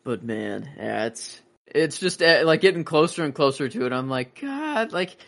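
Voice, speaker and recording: A man's voice: medium pitch, lively intonation, normal speed, creaky, fairly bright tone. A man co-hosting a TV rewatch podcast, talking in a rambling way with many fillers and acting out his own reactions. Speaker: podcast co-host. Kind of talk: casual chat.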